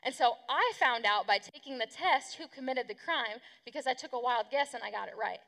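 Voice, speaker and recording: A woman's voice: a little high, lively intonation, fairly quick, gravelly, pushed and bright, long reverb tail. A woman preaching a casual youth sermon, chatty and slangy, acting out the people she talks about. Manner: chatty, slangy, acts out quotes. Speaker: youth pastor.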